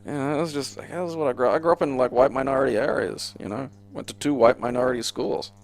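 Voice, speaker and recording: With a mid-range voice at a quick pace, an Australian streamer gives casual commentary on his game. He rambles and swears, keeping a sardonic tone.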